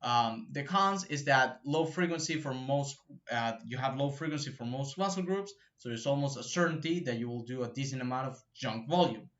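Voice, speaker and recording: A man's voice: mid-range voice, normal speed, a bit bright, muffled recording. A man hosting a fitness channel, explaining training in a loose, profane way with lots of fillers and "right?" tags. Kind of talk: casual explainer talk to camera.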